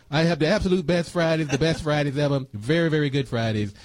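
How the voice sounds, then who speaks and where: A man's voice: a little high, fairly quick, pitched above the performer's own voice, close to an everyday voice. A man doing a comic impression of a boastful male president, piling on superlatives and repeating himself. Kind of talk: comic impression on talk radio.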